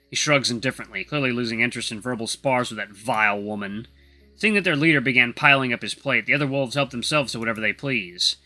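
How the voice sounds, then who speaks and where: A young man reads a first-person story aloud, wry and irreverent in his asides. His voice is very bright and forward, with faint music underneath. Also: medium pitch, fast. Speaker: narrator.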